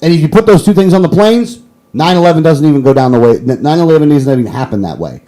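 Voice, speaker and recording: A man's voice: a little high, animated, fast talker, dark tone, rough recording. A man hosting a political talk show. He rants heatedly and then apologizes sheepishly.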